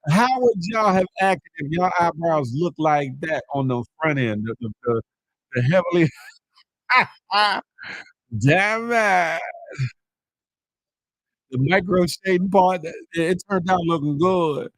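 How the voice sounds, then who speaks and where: A man hosting a casual live morning show, chatting with viewers, laughing often and animated as he reads their comments. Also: on the high side, takes it slowly, long pauses, no room sound, rough recording. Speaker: livestream morning show host.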